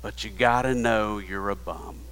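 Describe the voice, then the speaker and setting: A man preaching a sermon, retelling a story in a hushed voice that builds to emphatic appeals. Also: on the low side, a little slow, vocal fry, smooth. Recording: long hall reverb.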